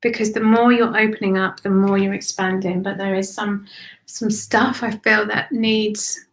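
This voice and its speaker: A woman giving live intuitive card readings, speaking slowly and soothingly, repeating phrases and often dropping to a whisper. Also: mid-range voice, little pitch movement, rough recording.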